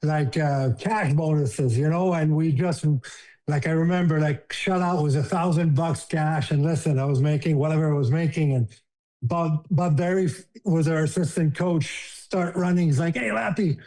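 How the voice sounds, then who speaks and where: A man's voice: a little high, moderate pace, dark tone. A man in his fifties with a French accent, a guest on a podcast. He tells stories in a loose, emotional way, laughing often and acting out what others said. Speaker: guest, former hockey player. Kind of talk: casual storytelling.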